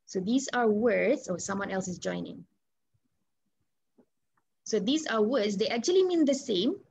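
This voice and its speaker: A woman's voice: medium pitch, expressive, unhurried, gravelly, darkish tone, breathy edge. A woman with a Malaysian accent teaching an online English class, switching between Malay and English and asking students questions. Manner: encouraging, asks students questions. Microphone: video call. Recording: slightly muffled video call audio.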